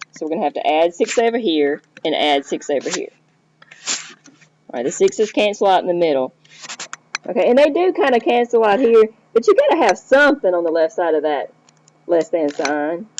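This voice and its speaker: A woman's voice: medium pitch, a little mellow, slight background noise. A woman teacher explaining math step by step, checking in with the listener as she goes. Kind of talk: recorded math lesson. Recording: dull lo-fi recording.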